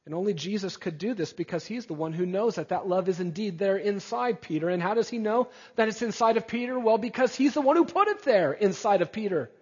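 A male preacher giving an earnest sermon, rising to emphatic peaks and dropping soft again. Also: high voice, lively intonation, fairly quick, hardly any pauses, husky. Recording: dull sound with long hall reverb.

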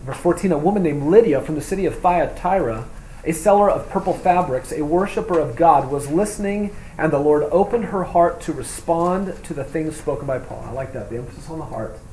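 A man delivers an expository sermon, his voice a touch higher than most. He swings between forceful scripture reading and hushed asides. The room is echoey, with a faint hum of ambience underneath. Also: fairly quick. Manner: swings from loud emphatic reading to quiet, low asides. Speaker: preacher.

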